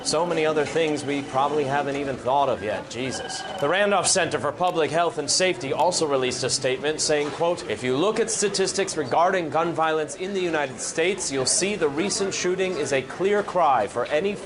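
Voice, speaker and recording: A man playing a deadpan TV anchor, crowd noise behind. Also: fairly high pitch, a little fast, hardly any pauses, close to an everyday voice. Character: deadpan male TV news anchor. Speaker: news anchor. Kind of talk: satirical news broadcast reading.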